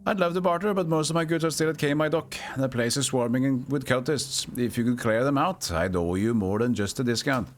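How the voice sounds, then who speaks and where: A man's voice: brisk, few pauses, soft background music, natural voice. A man voicing a friendly male village trader from a game, reading the lines aloud in a put-on Norwegian accent. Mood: hearty. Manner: hearty, pitched up, greeting.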